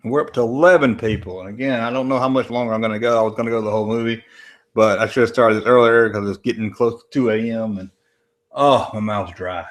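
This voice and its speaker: A man's voice: lowish voice, fairly even intonation, quick pace. A man, casually talking over a movie and reading chat aloud on a late-night stream. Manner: laid-back, rambling, jokey asides. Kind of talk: casual live commentary while reading chat. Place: home room, late at night.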